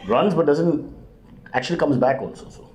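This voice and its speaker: A middle-aged man, a comedian answering parenting questions with deadpan jokes and sudden mock voices. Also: normal speed. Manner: deadpan comic asides, jumps to high mock voices. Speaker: guest comedian.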